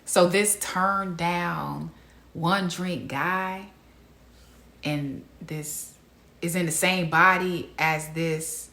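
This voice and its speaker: A woman gives a casual reality TV recap, animated and incredulous and laughing often as she talks to her viewers. Her voice sits a little low but sounds bright and sharp. The room around her is echoey. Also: extremely slow. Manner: laughs often mid-sentence.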